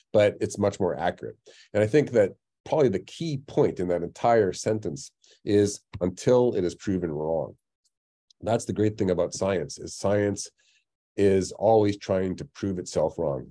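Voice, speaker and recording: Speaking through his computer mic on a webinar call, a middle-aged astronomy lecturer addresses the public in a chatty way, stumbling through fillers and restarts. He has a deep, mellow voice.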